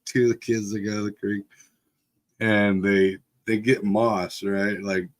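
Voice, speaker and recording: A man's voice: fairly low pitch, flat delivery, a little slow. A middle-aged man from Texas telling a rambling story on a livestream, with lots of fillers and frequent laughs. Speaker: livestream host. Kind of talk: casual storytelling.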